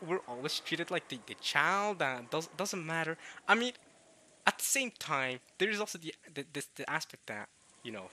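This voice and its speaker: A young man gives excitable commentary on a visual novel, reading it aloud as he goes. His voice is fairly high and very sharp and bright, and it swings widely in pitch. He stammers often and breaks into laughs. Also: slight background noise. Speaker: let's play commentator.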